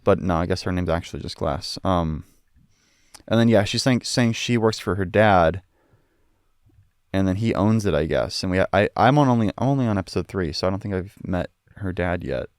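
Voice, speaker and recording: A man's voice: sits low, moderate pace, no room sound, studio quality. A man co-hosting a podcast, rambling through a casual chat with lots of fillers and a wry, joking manner. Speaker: podcast co-host.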